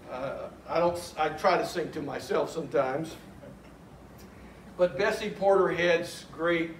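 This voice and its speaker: A man preaching a sermon as pastor, earnestly reciting hymn verses slowly and urging his congregation on. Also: sits high. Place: church sanctuary. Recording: echoey church room from a distant mic.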